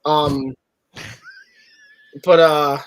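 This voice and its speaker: Easygoing joking man, slightly high voice. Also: little pitch movement, extremely slow, clear, resonant tone. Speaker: podcast co-host. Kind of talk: casual chat.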